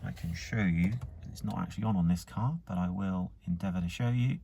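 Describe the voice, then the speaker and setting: Man, dealership presenter, lowish voice, walks viewers through car settings step by step, inside a car. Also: a little fast, vocal fry, dark tone, slight background noise. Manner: plain step-by-step explaining while pointing things out. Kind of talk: casual how-to demonstration.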